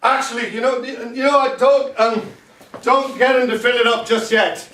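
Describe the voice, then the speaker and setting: An actor playing a bitter immigrant Civil War captain who drinks alone and rambles sardonically. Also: male voice, very high voice, steady tone, moderate pace, bright, forceful tone. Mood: sardonic. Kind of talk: solo stage monologue. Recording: roomy echo from far off.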